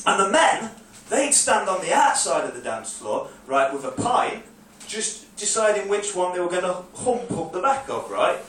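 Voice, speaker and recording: A man tells a rambling stand-up story and bursts into shouted voices of drunk clubbers. His voice sits high, and the phone that picked him up sat far off in a club so echoey that his words ring around the room. A faint hum of the crowd and the room lies under it. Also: big pitch swings, moderate pace, few pauses. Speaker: stand-up comedian. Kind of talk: stand-up comedy set. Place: comedy club stage, live audience. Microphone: phone recording from the audience.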